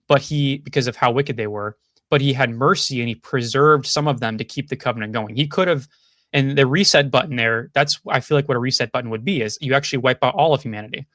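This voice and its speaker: A man's voice: medium pitch, a bit bright, dry recording, studio quality. A man hosting a casual commentary show, thinking aloud with frequent restarts and hedges. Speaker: podcast host.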